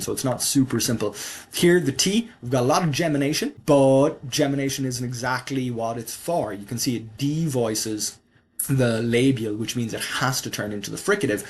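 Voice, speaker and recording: A man of middle pitch presents a language he made himself, scrolling through his notes. He explains at an easy, unhurried rate, stopping to think aloud and fix his own wording. It sounds like a casual lesson recorded at a home desk. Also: slight background noise. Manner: explanatory, thinks aloud with fillers and self-corrections. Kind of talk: casual walkthrough of a screen.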